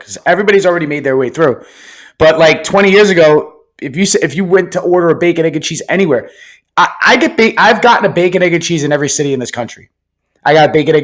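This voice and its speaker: Blunt New York co-host man. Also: on the high side. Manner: quick, joking, blunt. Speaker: podcast co-host. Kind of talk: casual comedy chat.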